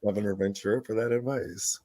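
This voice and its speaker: A man co-hosting a radio talk show, telling lively stories and acting out quoted voices, often laughing. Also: lowish voice, brisk, no room sound. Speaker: radio show co-host, former city council member. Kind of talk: casual storytelling radio conversation.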